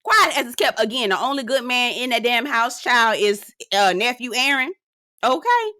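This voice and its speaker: A woman giving a sassy, animated recap of a reality show in casual commentary. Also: normal speed, no room sound, studio quality. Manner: sassy, animated storytelling, swings pitch for emphasis.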